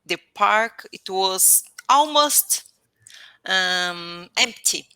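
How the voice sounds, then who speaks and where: A woman's voice: mid-range voice, animated, very slow, pushed and bright, clear, resonant tone, no echo. A woman with a Portuguese accent and Portuguese as her first language, speaking as a student in an online English lesson. She hesitates, restarts often and searches for words. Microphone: video call.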